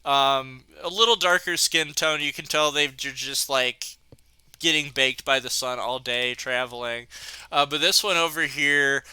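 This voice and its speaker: A man's voice: mid-range voice, measured pace, bright, forceful tone, clean tone, no echo. A young man narrating a tabletop game as game master, with loose, filler-heavy narration.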